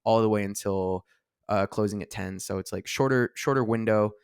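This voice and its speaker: Seated across from his fellow host in a studio, a man co-hosts a casual podcast, rambling along with plenty of filler words and restarts. His voice is fairly low and moves at a moderate pace, with a clean tone and a dry, studio-quality recording.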